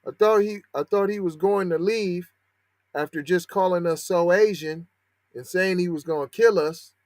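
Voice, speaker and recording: A man's voice: sits high, moderate pace, a little mellow, no room sound. A man hosting a podcast, reading out a news story and talking back to it with sarcastic, slangy commentary that turns heated. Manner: sarcastic, rising to heated outrage; slangy, talks back to the article he reads. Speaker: podcast host.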